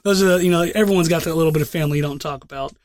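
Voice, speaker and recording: A young podcast co-host who talks fast and high, tumbling through anecdotes. He swears constantly and keeps circling back to his point. The sound is dry and close. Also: darkish tone, no room sound. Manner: profane, rambling storyteller. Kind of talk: casual podcast chat.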